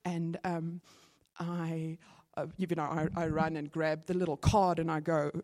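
A middle-aged woman, giving an animated testimony in a sermon, with sudden bursts of excitement. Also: low voice, measured pace.

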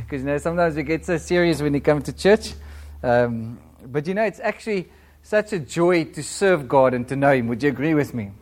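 A man in his thirties preaches in church, his voice sitting a little higher than most men's. He speaks with a flat-sounding accent and keeps a conversational tone, asking the congregation questions and chuckling as he goes. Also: brisk. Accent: non-British English, self-described flat. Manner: warm, conversational preaching with laughs and audience questions. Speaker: guest preacher. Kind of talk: sermon and prayer.

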